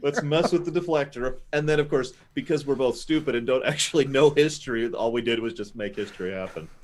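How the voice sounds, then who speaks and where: A man's voice: mid-range voice, a little fast. A man playing a tabletop role-playing game, talking in a playful, scheming way. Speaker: player. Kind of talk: casual tabletop game chat.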